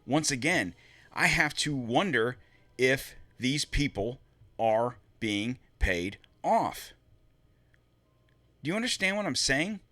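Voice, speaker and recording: Bright-voiced man reading commentary. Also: mid-range voice, animated, slow, pauses often. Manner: reads a script, then breaks off swearing and muttering in frustration. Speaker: political commentary host. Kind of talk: solo political commentary.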